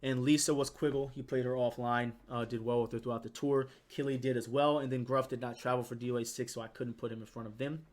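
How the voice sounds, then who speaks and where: A man's voice: medium pitch, steady tone, fast, few pauses, darkish tone. A man in his twenties giving casual commentary as a gaming YouTuber, with laid-back slangy talk, swearing and lots of filler words. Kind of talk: casual commentary on a ranking list.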